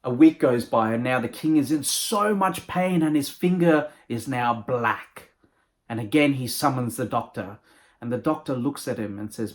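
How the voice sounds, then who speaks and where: A male motivational speaker tells a moral story, his voice rising and dropping with animated energy. He narrates with warmth for effect and lands a lesson for entrepreneurs. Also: mid-range voice, normal speed. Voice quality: lively, animated delivery.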